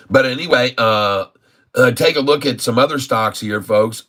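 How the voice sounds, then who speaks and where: Emphatic bright-voiced man calling stocks. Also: medium pitch, a little slow, pauses often. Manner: emphatic, repeats himself, keeps addressing "folks". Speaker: stock trading livestream host. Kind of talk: casual market commentary.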